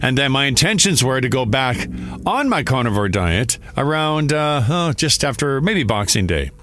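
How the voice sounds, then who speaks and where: A man's voice: medium pitch, fairly bright tone. A middle-aged man hosting a podcast, talking in a candid, rambling monologue that often corrects itself. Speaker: podcast host, trucker. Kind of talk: casual monologue.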